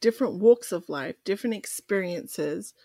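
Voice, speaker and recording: A woman co-hosting a podcast in casual chat, bubbly and quick to laugh. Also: medium pitch, expressive, warm tone, dry recording. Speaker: podcast co-host.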